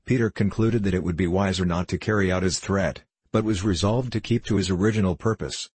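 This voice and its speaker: A man narrating an audiobook in a steady, measured reading style. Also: deep voice, husky, no room sound. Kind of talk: scripted narration.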